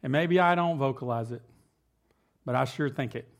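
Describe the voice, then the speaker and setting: A man's voice: medium pitch, normal speed. A man in his thirties preaching with mock-serious sarcasm, talking conversationally with many fillers. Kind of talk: sarcastic sermon.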